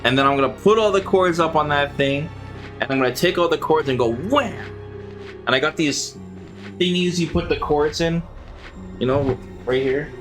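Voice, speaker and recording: Soft background music plays as a man streams a game, chatting loosely and rambling to viewers with plenty of swearing. His voice is on the high side, fairly bright, at a moderate pace.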